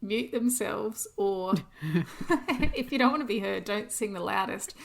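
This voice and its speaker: A woman's voice: mid-range voice, measured pace, gravelly. A woman co-hosting a podcast, chatting casually and practically with frequent laughs. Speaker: podcast co-host. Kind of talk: casual chat.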